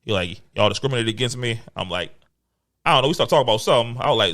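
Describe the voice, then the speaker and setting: A man's voice: mid-range voice, very fast. A man, co-hosting a podcast, telling a story in casual, profane chat and acting out the quotes. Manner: animated, profane, acts out quotes. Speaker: podcast co-host.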